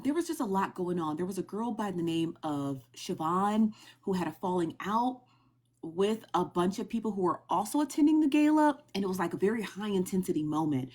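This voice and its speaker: A young woman on a phone livestream, casually recapping online gossip in a chatty, animated way and asking her viewers questions. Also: mid-range voice. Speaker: TikTok live streamer sharing gossip news.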